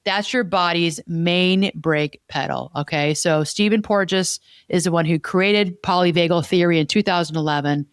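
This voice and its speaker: A woman therapist hosts a podcast in a lowish voice at a moderate pace, barely pausing as she explains ideas. Her manner is didactic, and she repeats key points, checking in with "okay?" along the way. The sound is clean studio audio with no room sound.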